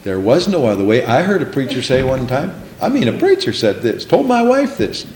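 A man's voice: medium pitch, very animated, a little fast, darkish tone, a little hiss or hum. Man, preacher, sermon, repetitive call-and-response delivery, roomy echo. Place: church sanctuary. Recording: echoey room.

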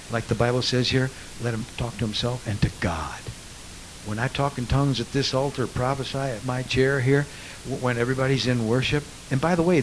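A man preaching a sermon as pastor, swinging between hushed asides and loud, rapid build-ups. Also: medium pitch, slight background noise, rough recording.

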